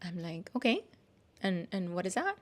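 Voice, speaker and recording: Woman, thirties, podcast co-host, casual storytelling, animated, acts out quotes. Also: lowish voice, normal speed.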